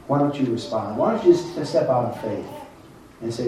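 Older pastor preaching in an echoey hall. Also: male voice, mid-range voice, lively intonation, a little mellow, slight background noise. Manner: preaching, calls on the congregation, slows down for emphasis. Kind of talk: sermon. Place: church. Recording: echoey church hall, mic far off, dull.

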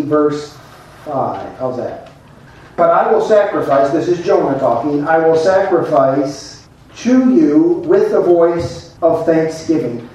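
A man's voice: fairly high pitch, mellow, highs cut off, slight background noise. A man preaching a sermon as pastor, folksy and conversational, with asides to the congregation. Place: church sanctuary. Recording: echoey church from a distant mic.

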